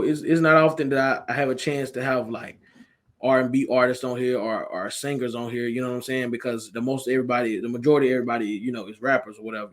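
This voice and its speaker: A man hosting a casual interview, laid-back, often saying "you know what I'm saying.". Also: medium pitch. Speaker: interview host.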